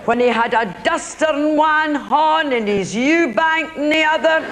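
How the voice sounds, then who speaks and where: A woman's voice: high voice, a little slow. A woman comedian with a Glaswegian Scottish accent, telling a gossipy, chatty comic monologue live in a theatre. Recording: live theatre recording with audience noise.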